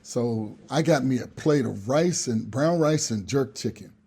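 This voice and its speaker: Husky, mellow man telling a story. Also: mid-range voice, unhurried. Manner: animated, acts out other people's lines. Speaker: regular guest. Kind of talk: comic storytelling on a radio show.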